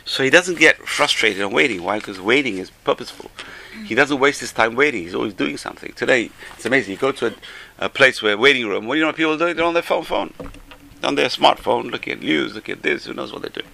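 A man's voice: medium pitch, quick pace, vocal fry, bright, forceful tone, slight background noise, low-quality recording. A man, teaching a Torah class, who repeats key phrases for emphasis and tells jokes along the way. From England.

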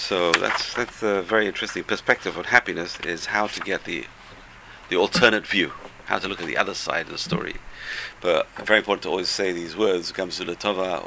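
Gravelly, animated man telling a religious story. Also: sits low, a little hiss or hum. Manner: animated storyteller, swinging between loud bursts and soft asides. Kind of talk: storytelling Torah talk.

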